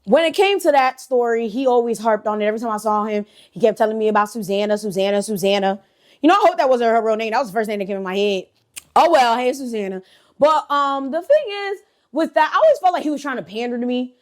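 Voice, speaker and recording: A woman vlogger telling a casual storytime, animated, profane, blunt and gossipy. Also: on the high side, quick pace. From United States.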